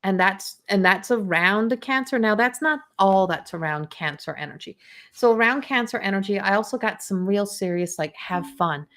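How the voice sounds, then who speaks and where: A woman's voice: mid-range voice, lively intonation, normal speed, fairly bright tone. Chatty woman giving an astrology reading. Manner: chatty, repeats herself, acts out quoted inner voices. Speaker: astrology reader. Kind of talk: live collective astrology reading.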